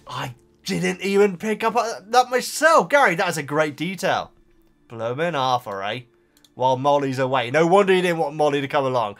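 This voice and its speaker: A man's voice: fairly high pitch, expressive, moderate pace, a bit bright. A man hosting his own video, reading out viewer comments in casual chat and often stumbling over his words and restarting.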